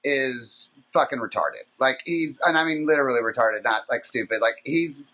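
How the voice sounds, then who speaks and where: A man hosting a podcast, telling a long, profane anecdote in a casual, animated, rambling way. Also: mid-range voice, moderate pace. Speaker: podcast host. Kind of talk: casual storytelling.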